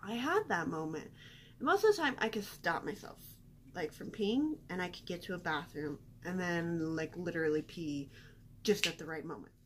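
A woman's voice: lowish voice, expressive, moderate pace, a little hiss or hum. A young woman vlogger telling a personal story in casual chat, chatty and self-deprecating with lots of fillers.

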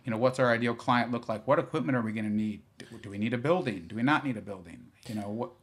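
A man, a business founder from Iowa, talking as a podcast guest in a relaxed, rambling way with many fillers and restarts. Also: mid-range voice, fast talker. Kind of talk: podcast interview.

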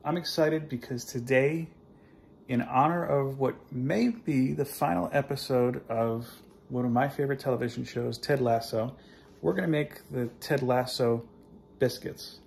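A man's voice: medium pitch, measured pace, vocal fry, a little mellow, slight background noise. Jokey man filming his kitchen vlog. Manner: jokey, self-deprecating, chatty with asides. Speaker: cooking vlog host. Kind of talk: casual self-filmed cooking vlog. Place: home kitchen. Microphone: handheld phone camera.

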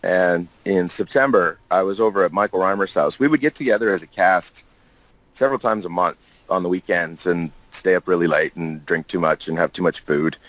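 A man's voice: deep voice, fairly bright tone, dry recording, poor audio. A man being interviewed as a guest actor, telling loose, jokey stories in casual chat with plenty of laughs and restarts.

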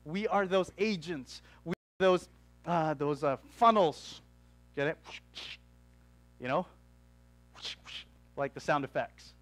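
High-voiced pastor telling a story. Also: male voice, no room sound. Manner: animated storytelling with quick asides. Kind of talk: sermon. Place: church.

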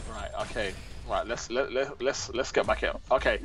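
A man's voice: medium pitch, measured pace. A man co-hosting a game livestream, reading out donation messages and laughing often between them. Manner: giggly, reads messages aloud between laughs. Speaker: guest co-commentator reading donations. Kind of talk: casual livestream chat.

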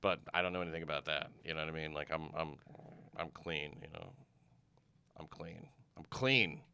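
A man's voice: extremely low pitch, normal speed, gravelly, bright, forceful tone, clean tone. A man in casual conversation, rambling through stories with lots of fillers and restarts. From United States. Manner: rambling storyteller, trails off with fillers. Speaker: comedian guest. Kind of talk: casual chat.

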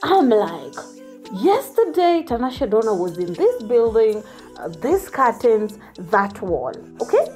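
Lady spilling celeb tea, high lively voice, soft music under it. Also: a little slow. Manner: sassy, teasing, keeps saying honey and okay. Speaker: gossip vlog host. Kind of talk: casual celebrity gossip.

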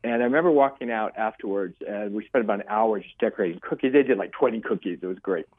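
Husky older man over a phone line. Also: on the low side, fast. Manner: earnest, rambling storytelling with many restarts. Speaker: author and guest. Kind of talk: casual interview chat.

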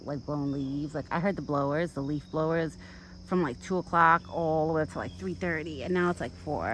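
A woman casually vlogging outdoors in a yard, rambling in a chatty way and cooing softly in a high voice to soothe her deer. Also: slight background noise, low-quality recording. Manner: rambling and chatty, full of "like" and "you know". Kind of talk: casual outdoor vlog chat. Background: crickets and outdoor nature sounds.

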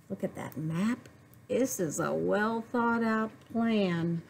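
A woman librarian reading a picture book aloud to young children, slow and clear. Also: medium pitch. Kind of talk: storytime read-aloud.

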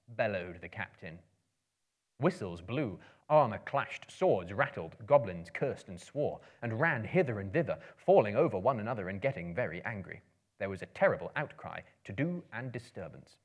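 A man performs a storybook reading to a live audience, his voice lower-pitched and sweeping widely up and down. He builds the tension theatrically, rising to loud bursts and dropping to near-hushes. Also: big pitch swings, moderate pace. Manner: theatrical, swelling and hushing for suspense.

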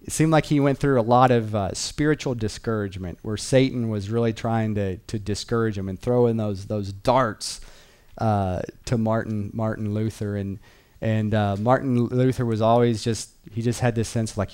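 A man's voice: lowish voice, steady tone, normal speed, a little mellow, clear, resonant tone. A man teaching a Bible class in an earnest, conversational way, repeating key phrases and reading verses aloud.

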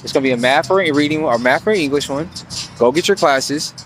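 A man with a somewhat high-set voice rambles through a casual monologue, slangy and full of swearing. He keeps checking in with the listener, and faint street and car noise hums behind him. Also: brisk, a bit bright. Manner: profane, slangy, keeps asking "you feel me". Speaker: vlogger giving financial advice.

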